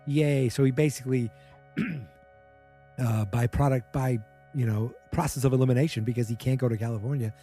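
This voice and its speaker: A man's voice: medium pitch, fairly even intonation, warm tone, soft background music. A man hosting a podcast, casually recapping a TV episode in a rambling way and acting out characters' quotes. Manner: rambling, acts out quotes in quick bursts. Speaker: podcast host.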